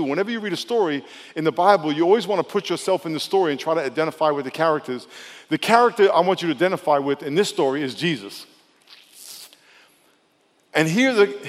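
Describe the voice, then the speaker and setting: Emphatic pastor in a reverberant church. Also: male voice, a little high. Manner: conversational, emphatic, drops to soft intimate tone. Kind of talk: sermon.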